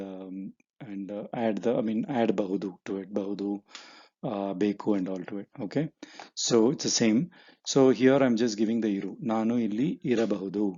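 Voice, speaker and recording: A man's voice: fairly low pitch, warm tone, lo-fi sound. A man teaching a spoken language lesson, walking through examples step by step and repeating each one. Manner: explains step by step, switching between English and Kannada examples; many fillers and restarts, repeats each example.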